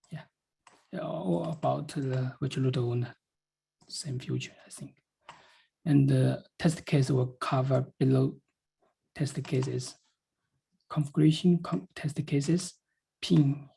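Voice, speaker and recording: Slow gravelly man presenting a design. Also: mid-range voice, dark tone, poor audio. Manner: halting, with many restarts and fillers. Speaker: feature presenter. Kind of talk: technical meeting presentation. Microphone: video call.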